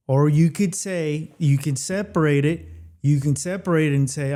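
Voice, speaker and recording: Guy teaching english phrasal verbs, chatty, kinda high but mellow, says stuff slow and repeats it. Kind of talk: casual video lesson.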